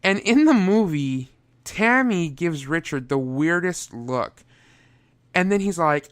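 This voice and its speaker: A young man talks through a movie review with sarcasm and flashes of exasperation. His voice sits a little high for a man and comes across smooth and clear, recorded dry and close with no room sound. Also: takes it slowly, no echo. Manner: exasperated, sarcastic, animated outbursts.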